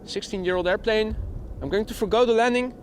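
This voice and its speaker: A man's voice: sits high, fairly quick, slight background noise. A man hosting a live airport stream, calling out arriving planes and chatting with viewers. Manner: informative, chatty, chuckles while reading viewer messages. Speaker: livestream host commenting on plane arrivals. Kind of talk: live spotting commentary. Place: outdoors by an airport runway. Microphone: outdoor mic near the camera.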